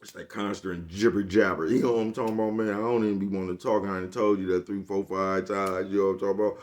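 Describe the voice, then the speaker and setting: A man's voice: sits low, fairly even intonation, fast talker, a little mellow. A man vlogging a casual comedic rant to camera, laughing often and leaning on slangy, profane street talk with a repeated catchphrase. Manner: laughs often, repeats "you know what I'm talking about".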